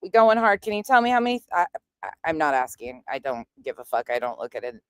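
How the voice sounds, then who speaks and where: A woman's voice: very deep voice, very animated, quick pace, clean tone, no echo. A woman giving blunt, sarcastic commentary on a livestream. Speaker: commentary streamer. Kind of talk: reaction commentary.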